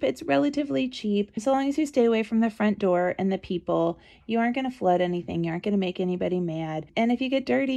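Woman, podcast host, middle-aged, conversational storytelling, vocal fry. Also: lowish voice, a little mellow. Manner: chatty, anecdotal, reassuring.

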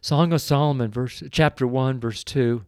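The man's voice is medium-pitched, smooth and a little mellow, heard in a clean studio recording without any room sound. He's a middle-aged host of a devotional podcast, praying and sharing testimony with slow, earnest emotion as he chokes up with tears.

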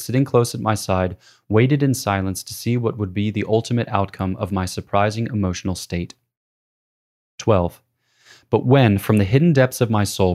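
Man reading a spiritual classic aloud, slightly low-pitched. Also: a little mellow.

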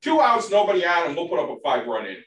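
A man who coaches baseball, co-hosting a casual podcast, telling stories in an animated way with casual swearing. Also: a little high, rapid-fire. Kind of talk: casual chat. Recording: roomy, distant from the mic.

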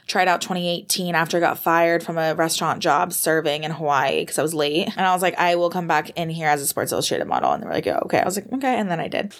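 A young American woman, a podcast guest, telling her story in a lively conversational way, full of "like" and acted-out moments. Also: low-pitched, quick pace, few pauses. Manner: animated, reenacts moments with fillers like "like".

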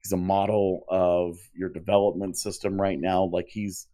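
Man, podcast co-host, casual sports chat, somewhat low voice, thinks aloud with restarts. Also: flat delivery, moderate pace, warm tone.

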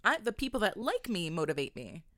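A woman's voice: medium pitch, big pitch swings, brisk, fairly bright tone, no room sound, studio quality. A young woman co-hosting a podcast in casual chat, talking bluntly and animatedly and swearing freely. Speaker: podcast co-host.

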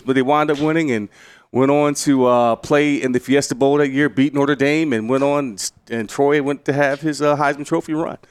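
Animated middle-aged man telling a story. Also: a little high, dry recording. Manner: excitable, laughing, acts out quotes loudly. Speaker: head coach and former player.

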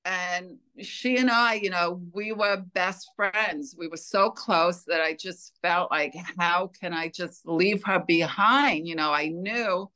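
A woman being interviewed, telling a personal story in an earnest, unhurried way. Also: fairly low pitch, pushed and bright. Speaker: interview guest.

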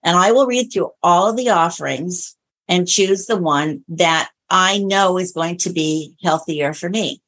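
A middle-aged woman, a nutrition coach, chatting as a guest on a podcast and telling stories with lively quoted dialogue. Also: fairly low pitch, a little slow. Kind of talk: casual podcast interview.

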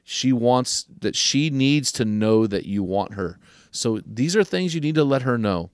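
An older man hosting a podcast, giving earnest advice to men and slowing down to stress key questions. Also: medium pitch, lively intonation, no room sound, clean studio sound. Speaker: podcast host.

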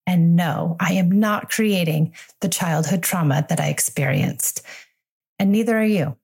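With a husky, fairly low voice touched by vocal fry, a woman in her forties speaks a little slowly and somewhat mellowly. She is a parenting coach doing a solo podcast monologue, candidly and reassuringly describing the mistakes she has made as a parent.

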